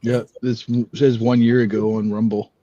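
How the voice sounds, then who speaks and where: A man's voice: medium pitch, little pitch movement, normal speed, mellow, no echo. Laid-back Canadian man, dull mic. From British Columbia, Canada. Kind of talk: casual chat.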